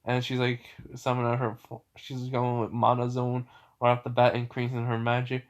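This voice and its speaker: A man's voice: medium pitch, monotone, normal speed. A man casually retelling a fan story, rambling with many fillers and self-corrections.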